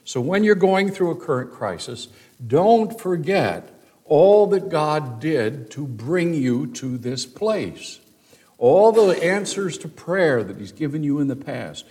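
Slow, deliberate male Bible teacher. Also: fairly high pitch, big pitch swings, darkish tone. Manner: slow, deliberate teaching with dramatic emphasis on scripture readings. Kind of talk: sermon.

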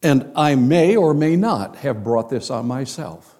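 A male pastor preaching a sermon, emphatic, with rhetorical questions and dramatic pauses. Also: medium pitch, animated, mellow.

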